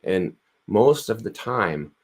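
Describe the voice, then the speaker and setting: A man in a casual podcast conversation, explaining things calmly and repeating words as he restarts. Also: lowish voice, slow.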